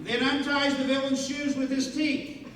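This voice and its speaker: Lady reading out a silly skit, slow and high, big echoey hall, crowd murmuring. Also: level tone. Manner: playful asides to the audience. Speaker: narrator leading an audience skit. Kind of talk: reading a skit script aloud and directing actors. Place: large hall with a live audience. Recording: echoey hall with audience from far off.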